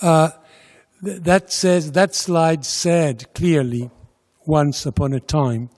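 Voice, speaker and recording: A man giving a slide presentation about a funding agency's programs, speaking slowly and deliberately with pauses and fillers. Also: a little high, a little mellow. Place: lecture hall. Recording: lecture hall with long reverb.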